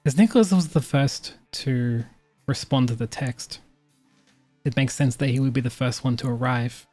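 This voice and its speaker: A game master narrating a tabletop vampire game in a descriptive, measured way. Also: medium pitch, dark tone, no room sound, faint music behind.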